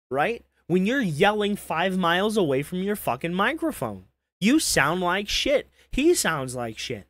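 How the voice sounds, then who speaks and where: Slow-talking mocking male commentator. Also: sits high, big pitch swings, a bit bright. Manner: profane, mocking rant. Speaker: commentary host. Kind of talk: reaction commentary.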